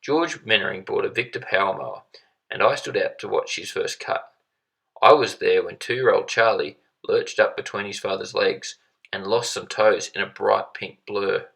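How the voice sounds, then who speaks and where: A man reads a short story aloud in a low, gravelly voice with a husky edge. His delivery is measured and steady, but the tone stays bright and forward. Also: poor audio. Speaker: reader.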